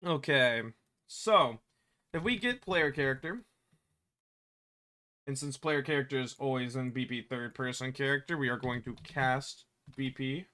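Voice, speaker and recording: A man developing a game, thinking aloud in a halting way, correcting himself as he works and muttering to himself. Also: mid-range voice, bright, forceful tone. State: hiccuping. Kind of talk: thinking aloud while working.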